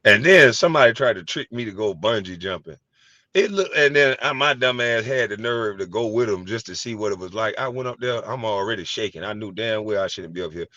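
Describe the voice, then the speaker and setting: A middle-aged man hosting a casual chat, telling animated, profane stories and laughing easily. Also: on the low side, a little fast, no echo. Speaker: host. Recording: dry, slightly dull sound.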